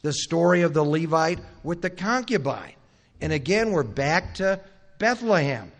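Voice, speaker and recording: A man's voice: fairly high pitch, big pitch swings, measured pace. A man preaching a teaching sermon, retelling a Bible story in a conversational way, acting out the characters' lines and adding wry asides to the audience. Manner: asks the audience questions and adds wry asides. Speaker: Bible conference speaker.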